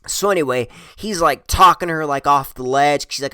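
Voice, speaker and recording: A man's voice: on the high side, a little fast, hardly any pauses, pushed and bright, clear, resonant tone, no echo, clean studio sound. Rambling, foul-mouthed male storyteller. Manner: rambling, swears constantly, chuckles at himself. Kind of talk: casual profane storytelling.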